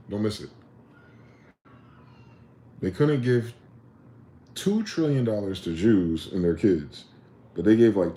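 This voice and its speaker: A man's voice: on the low side, mellow, a little hiss or hum. Heated man ranting in an echoey room. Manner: heated, profane, full of rhetorical questions. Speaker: vlogger. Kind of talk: impassioned solo rant.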